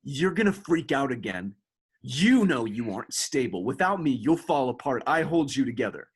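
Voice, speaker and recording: A woman's voice: very deep voice, very animated, moderate pace, breathy edge, full character voice. A woman playing a controlling, volatile young man who lashes out angrily in a stage play. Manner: angry, manipulative, swearing.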